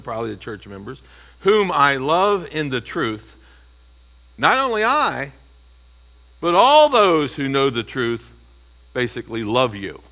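In a mid-range, slightly bright voice, a pastor delivers an emphatic, teaching-style expository sermon, leaning hard on individual words. He frequently questions the congregation, and the recording is of poor quality.

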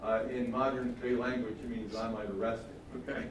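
A man preaching a Bible lesson, telling the story with animated voices for the characters. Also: mid-range voice, a little fast. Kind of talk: Bible teaching sermon. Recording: echoey hall, distant mic, faint noise.

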